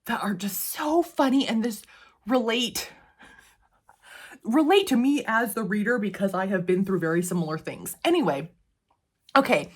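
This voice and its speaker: A woman's voice: a little high, slightly rough. A woman chatting casually about books she has read, laughing often as she talks. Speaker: book reviewer. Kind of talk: casual book review chat.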